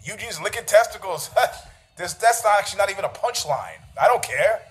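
A man with a notably high-pitched voice rants through a story in casual, profane style. He is sarcastic and needling, and often laughs at his own jokes. He sounds middle-aged. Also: animated, a little fast.

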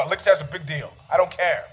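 A middle-aged man telling a story in a casual rant, profane and sarcastic, needling people and laughing at his own jokes. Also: sits high.

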